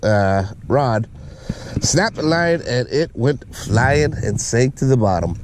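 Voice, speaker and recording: A man giving casual fishing commentary from a boat on a lake, excitable and whooping when a fish bites. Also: mid-range voice. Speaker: fishing vlogger. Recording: noisy outdoor lake ambience.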